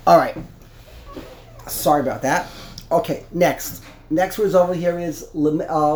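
A man's voice: on the high side, normal speed, a little mellow, echoey room, a little hiss or hum. A man teaching a Torah class, explaining a text line by line, often repeating and restarting words.

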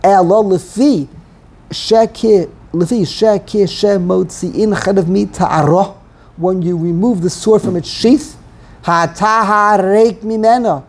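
A man teaching a text study class, thinking aloud in a halting way and often repeating words. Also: high voice, steady tone.

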